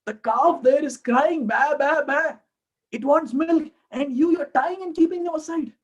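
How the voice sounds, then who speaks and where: A man with an Indian accent voicing a mischievous, proud little boy who scolds indignantly in a raised, high-pitched voice. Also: lively intonation, fairly quick, fairly bright tone, breathy edge, heavily acted. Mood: scolding.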